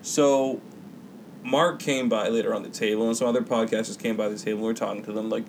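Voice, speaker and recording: A man's voice: on the low side, steady tone, a little fast, a little hiss or hum, rough recording. A man co-hosting a podcast, telling a rambling, profane story in casual chat and acting out the voices of the people in it. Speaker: podcast co-host.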